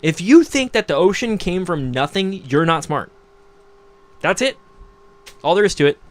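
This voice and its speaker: A young man hosting a livestream rants casually to his chat, rambling, mocking, and swearing. His voice sits high and sounds animated, at a moderate pace.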